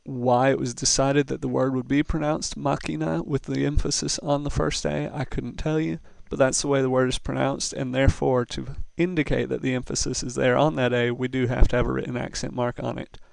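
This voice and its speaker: A man's voice: mid-range voice, little pitch movement, a little fast, creaky, hardly any pauses, darkish tone, dry recording. A man teaching a recorded lesson, explaining step by step in a patient, methodical way. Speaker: Spanish teacher.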